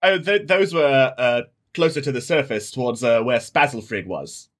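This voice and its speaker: A man playing in a tabletop game, speaking in a hesitant, halting way. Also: mid-range voice, expressive. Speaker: player. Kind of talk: casual game chat.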